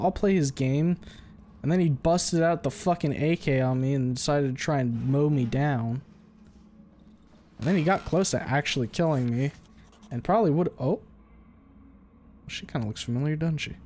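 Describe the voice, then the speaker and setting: A man's voice: medium pitch, a little mellow, a little hiss or hum. A man streaming a video game, thinking aloud in a casual way with the odd swear. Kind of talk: live gameplay commentary.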